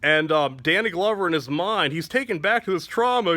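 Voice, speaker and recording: A male comedian rambles through a crude comic story, full of fillers and restarts. His voice is bright and fairly high, and the sound is dry and close. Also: expressive, a little fast, hardly any pauses, no echo.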